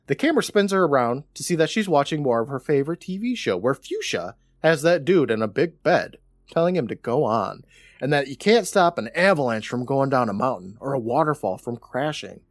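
A man co-hosts a podcast, casually recapping a TV episode and performing the characters' lines in exaggerated voices. His medium-pitched voice swings widely in pitch at a fairly quick pace. The sound is clean studio audio with no room sound.

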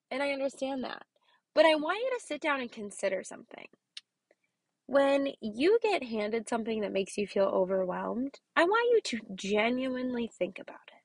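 A woman's voice: on the high side, fairly bright tone, no room sound. A young adult woman, a kindergarten teacher hosting a motivational podcast, speaking emphatically, repeating her points and checking in with "okay?".

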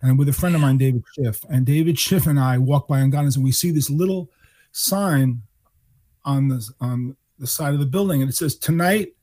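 A man in his sixties from New York, a guest musician telling animated stories and acting out the people he quotes. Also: medium pitch, a little fast. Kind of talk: storytelling interview.

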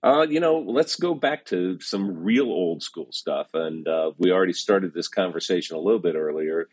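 A man's voice: low voice, animated, normal speed, darkish tone, no echo. A middle-aged man, a classic car valuation expert, chatting casually and hesitantly with lots of fillers and some wry teasing. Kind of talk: casual conversational chat.

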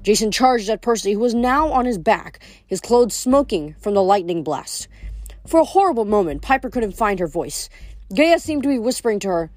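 A woman reading a novel aloud in an unhurried way, with small slips and restarts. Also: mid-range voice, lively intonation, darkish tone, no room sound, soft background music. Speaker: reader.

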